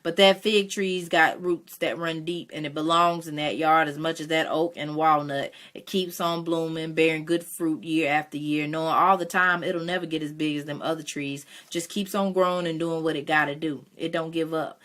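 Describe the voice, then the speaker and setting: A woman reading aloud, voicing a weary farmer father who speaks slowly and earnestly to his daughter. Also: sits low, fairly even intonation, a bit bright. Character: weary Southern farmer father, gentle and steady.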